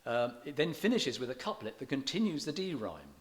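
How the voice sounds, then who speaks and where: In a church hall, a very animated man with a mid-range voice gives a public lecture on poetry. Though measured and scholarly, he slows to read verse aloud with stressed beats and now and then restarts his words.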